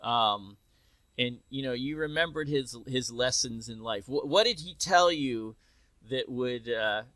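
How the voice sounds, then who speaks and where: A man's voice: mid-range voice, unhurried, a bit bright, no room sound. A man narrating as game master of a tabletop game, rambling and restarting as he describes scenes. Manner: rambling, full of restarts and fillers.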